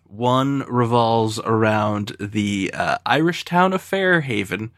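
A man's voice: lowish voice, animated, slow, a bit bright, no echo, studio quality. A man hosting a podcast, chatting casually and joking with a guest, laughing often. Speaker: podcast host. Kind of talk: casual chat.

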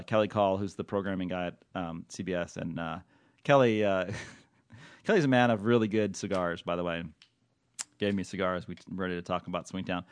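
A man's voice: lowish voice, a bit bright, no echo, studio quality. A man hosting a podcast in casual chat, rambling with many fillers and laughs. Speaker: podcast host.

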